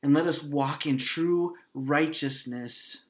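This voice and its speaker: Earnest pastor preaching from the heart. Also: male voice. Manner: earnest, emotional, pausing often, dropping soft and low. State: grieving, voice heavy with hurt. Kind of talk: sermon and prayer.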